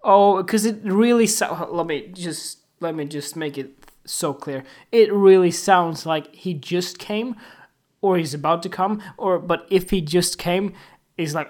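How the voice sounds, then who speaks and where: A man hosting a podcast, telling funny everyday stories in a loose, animated and crude way, often laughing at himself. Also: high voice, unhurried. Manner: animated, giggly, crude, self-mocking. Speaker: podcast host. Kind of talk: casual comic storytelling.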